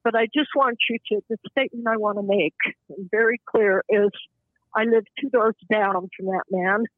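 A woman in her seventies calling in to a show, speaking in a halting, impassioned way with bursts of anger. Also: medium pitch, steady tone, no room sound. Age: 70s. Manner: halting, impassioned, angry outbursts. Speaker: caller. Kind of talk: emotional call-in testimony. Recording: tinny phone line.

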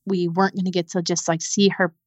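A young adult woman, a podcast guest, telling a painful personal story in a halting way, repeating words when it gets hard. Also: on the low side, flat delivery, no room sound, highs cut off.

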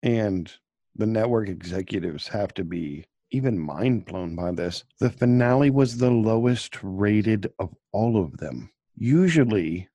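Lowish voiced guy grumbling dryly about a tv show, dead dry audio. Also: expressive, measured pace, dark tone, dry recording, muffled recording. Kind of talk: casual TV show discussion.

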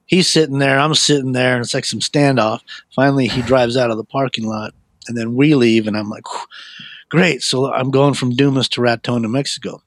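A middle-aged man, a guest, telling his life story in a rambling, animated way, with many fillers and restarts. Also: a little fast, dry recording. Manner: animated, acts out quoted voices with a raised pitch. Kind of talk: personal storytelling.

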